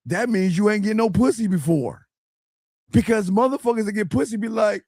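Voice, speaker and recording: Brash, profane man with a high voice. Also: lively intonation, moderate pace, no room sound. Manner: brash, profane, mocking, emphatic. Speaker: host. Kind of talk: crude advice talk.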